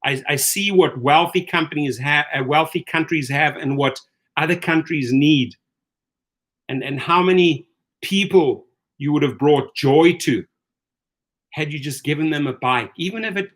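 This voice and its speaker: Livid man ranting, slightly high voice. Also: normal speed, fairly bright tone. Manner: livid, profane, repetitive rhetorical questions. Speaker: rideshare commentary host. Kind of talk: angry ranting commentary.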